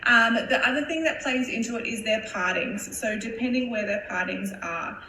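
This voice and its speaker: A woman's voice: a little high, normal speed, sharp tone. A woman hairstylist giving a chatty live-stream tutorial, explaining step by step while she works, with plenty of fillers. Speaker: hairstylist educator. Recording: roomy with faint background hum.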